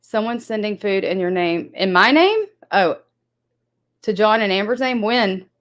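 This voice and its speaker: A woman's voice: mid-range voice, lively intonation, unhurried. A woman hosting a livestream, talking bluntly and accusingly to her chat with plenty of swearing. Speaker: livestream host. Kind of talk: heated livestream talk to chat.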